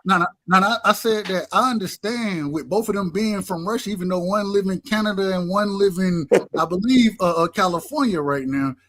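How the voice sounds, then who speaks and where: High-voiced man in a sports debate. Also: fairly quick, few pauses, a bit bright. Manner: interrupts, repeats "hold on". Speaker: panelist.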